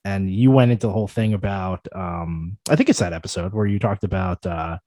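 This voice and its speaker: A man's voice: deep voice, fairly quick, warm tone, no echo. A man co-hosting a casual podcast, rambling and self-deprecating, with many restarts. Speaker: podcast co-host.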